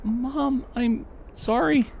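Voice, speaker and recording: A man voicing a young girl who pleads and apologizes to her mother in a high falsetto. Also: drawn-out words, gravelly, background noise, full character voice. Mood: apologetic.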